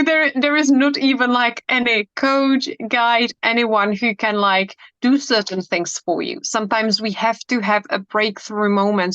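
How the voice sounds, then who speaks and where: A woman's voice: mid-range voice, fairly bright tone, dry recording. A woman speaking as a hypnotherapist guest in a casual interview, earnest and enthusiastic, with many fillers. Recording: dull lo-fi dry sound.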